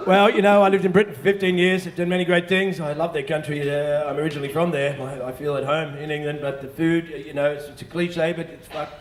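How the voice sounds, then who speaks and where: A man's voice: fairly high pitch, level tone, fast, few pauses. An Australian man doing a profane, rambling stand-up routine on stage in a large hall. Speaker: stand-up comedian. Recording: echoey live venue recording.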